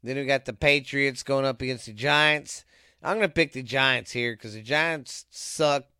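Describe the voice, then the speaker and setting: A man hosts a casual sports show, reeling off records and picks in a loose, profane ramble. His voice is bright and forward with a smooth, clean tone. The sound is close and dry, with no room around it. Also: medium pitch, a little slow, no echo. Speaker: podcast host.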